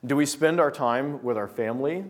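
A man telling a personal story with lively acted-out scenes, then drawing a devotional lesson from it. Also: mid-range voice, normal speed. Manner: lively storyteller, acting out scenes, often restarting words. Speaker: speaker telling a story to make a life lesson. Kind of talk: anecdote-driven devotional talk.

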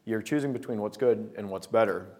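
A man telling a personal story with lively acted-out scenes, then drawing a devotional lesson from it. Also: lowish voice, brisk. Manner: lively storyteller, acting out scenes, often restarting words. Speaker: speaker telling a story to make a life lesson. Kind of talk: anecdote-driven devotional talk.

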